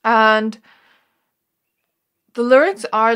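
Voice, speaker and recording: A woman giving an intuitive tarot reading to her viewers, talking in a gentle, reflective way and often pausing on "like" as she muses. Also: on the high side. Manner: gentle, reflective, musing with frequent "like". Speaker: tarot reader.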